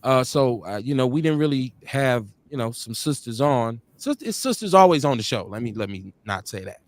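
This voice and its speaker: A man's voice: medium pitch, expressive, moderate pace, no echo. A man hosting a live streamed podcast, talking in a laid-back way and often repeating himself. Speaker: podcast host. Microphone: video call.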